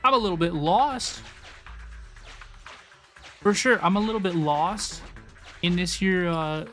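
Guy streaming a game w a pretty high voice, thanks chat a lot, grumbles bout the game, faint music under. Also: takes it slowly, fairly bright tone. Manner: chatty, thanks viewers, complains about the game. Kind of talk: casual gameplay livestream chat.

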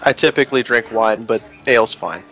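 A man's voice: fairly low pitch, brisk. A man playing a tabletop game, answering in character in an easygoing, agreeable way, faint music behind. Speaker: player. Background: faint background music.

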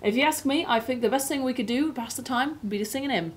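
A woman voicing a hearty, steady, working-class male cabbie with a South London accent and a firm voice, reading from a storybook. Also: sits high, fast talker, voice pushed up, lightly acted. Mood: cheerful. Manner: reassuring, matter-of-fact.

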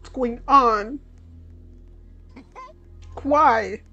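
Young woman streamer, pretty high voice, yells then mumbles, faint music behind. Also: very slow, dull audio. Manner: excitable, loud yelps between low mutters. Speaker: let's play gamer. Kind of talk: live gameplay commentary.

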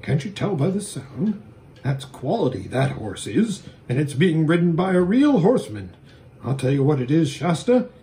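A man's voice: fairly high pitch, big pitch swings, normal speed, warm tone. A man voicing a proud, anxious male talking warhorse in a storybook reading, earnest and worried in tone. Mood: knowing.

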